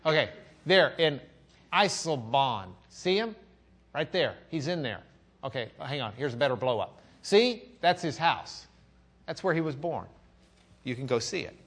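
A man with a Texan accent, from Lubbock, teaching a church class in a conversational sermon style, swinging between loud questions and quiet musing. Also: on the high side, lively intonation, a little slow. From Lubbock, Texas.

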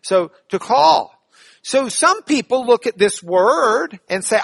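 A man's voice: very high voice, lively intonation, slow pace, creaky, no room sound. A man teaching a church Bible class in a playful, joking way, spelling out words.

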